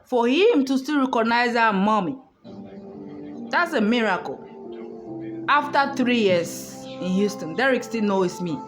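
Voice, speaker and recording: A woman's voice: on the high side, lively intonation, measured pace, long pauses, faint music behind. Outspoken woman vlogger, emphatic. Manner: emphatic and outspoken, swears freely. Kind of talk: casual storytelling monologue. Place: hotel room.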